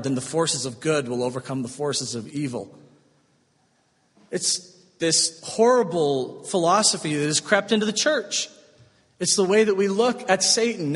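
A man preaching a sermon, swinging between strong emphasis and hushed, slow, tender passages. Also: high voice, in a large hall. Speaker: pastor.

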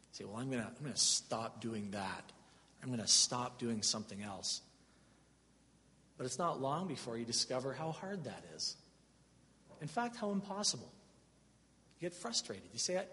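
A man's voice: medium pitch, fairly bright tone, slightly rough. A middle-aged man, a pastor, preaching a sermon in a conversational way with personal stories. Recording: long hall reverb.

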